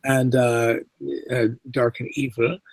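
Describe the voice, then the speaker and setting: A man's voice: medium pitch, level tone, slow pace, a little mellow, no room sound, low-quality recording. Canadian man with a faint English lilt. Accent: Canadian with a faint English inflection. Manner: rambling, many restarts and asides. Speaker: guest actor. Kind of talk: casual interview chat.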